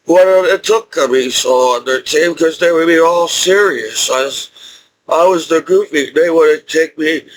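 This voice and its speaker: Middle-aged guy with a high voice rambling on about himself, keeps chuckling, loops back a lot. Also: a bit bright, low-quality recording. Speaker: military veteran vlogger. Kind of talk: rambling personal monologue.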